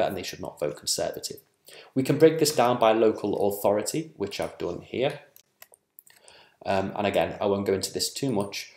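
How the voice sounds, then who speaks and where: A man presenting survey research at a conference, measured and full of ums and small self-corrections. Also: fairly low pitch, echoey room.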